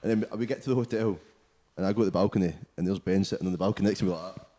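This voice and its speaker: A man's voice: low-pitched, long reverb tail, heavy background noise. A young Scottish man, a DJ guest, chatting casually and peppering his talk with agreement words. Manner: rapid, peppers talk with "aye". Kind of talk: casual chat.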